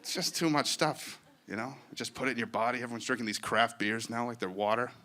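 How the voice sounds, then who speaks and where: A man's voice: medium pitch, brisk, pushed and bright. Profane, self-deprecating male stand-up comic. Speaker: stand-up comedian. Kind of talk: stand-up set. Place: comedy club stage. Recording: live set with clear background noise.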